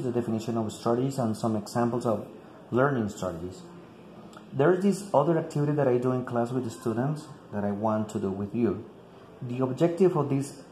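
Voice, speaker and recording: A male English teacher walks fellow teachers through a classroom activity one step at a time, with a mellow, dark voice. He fills his talk with "like" and repeats words as he goes. The room is echoey with faint ambient noise behind him. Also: medium pitch. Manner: explains step by step with frequent "like" and repeats.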